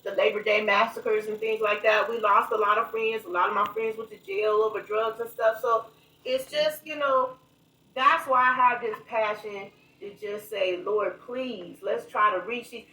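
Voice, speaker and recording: High bright woman, echoey and far off. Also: normal speed. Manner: animated, laughing storyteller, drops to a low intense voice for poetry. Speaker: guest author and poet. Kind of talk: storytelling and poetry reading. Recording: echoey room, voice from a distance.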